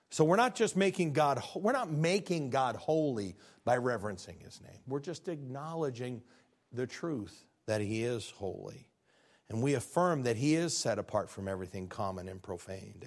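A middle-aged man, a pastor, preaching a sermon that swings from hushed, intimate lines to loud, fervent ones. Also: mid-range voice.

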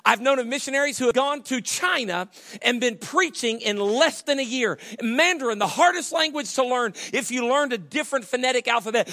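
A man's voice: extremely high pitch, animated, brisk, pushed and bright. A male pastor preaching a sermon with folksy humor and many stammering restarts.

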